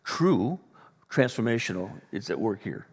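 A man preaching a sermon as pastor, animated, playing out the voices of the people he talks about. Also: lowish voice, a little slow, slightly rough. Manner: animated, acts out voices of others. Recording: long reverb in a large room.

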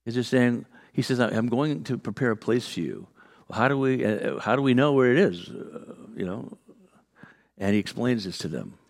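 A male pastor delivering a sermon, his voice sitting at an ordinary middle pitch. He talks loosely and animatedly, slipping into fillers and restarts as he acts out the people in his story. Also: lively intonation, moderate pace, vocal fry. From California.

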